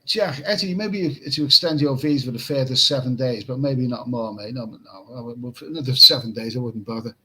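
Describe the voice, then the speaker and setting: A man's voice: medium pitch, brisk, few pauses, pushed and bright, breathy edge, rough recording. A man hosting a late-night livestream and reading chat comments in a casual, rambling way. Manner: rambling, repeats himself, chuckles at chat comments. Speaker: livestream host. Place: room in Pattaya at night.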